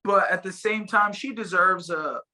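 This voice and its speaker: Male fighter guest, bright high-ish voice, loose rambling talk on a video call. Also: moderate pace, rough recording. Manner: rambling, many fillers and restarts. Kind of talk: casual interview chat.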